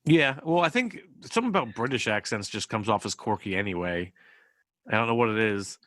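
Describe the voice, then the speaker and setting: A man's voice: lowish voice, expressive, fairly quick, fairly bright tone, no room sound. A man hosting a podcast in casual chat, rambling with lots of fillers and laughing often. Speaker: podcast host.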